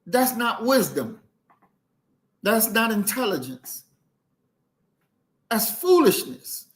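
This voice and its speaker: A man hosting a group discussion, critical and lecturing in tone. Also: very high-pitched. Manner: critical, lecturing, says "that's not" over and over. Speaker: discussion host. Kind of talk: moderating a discussion.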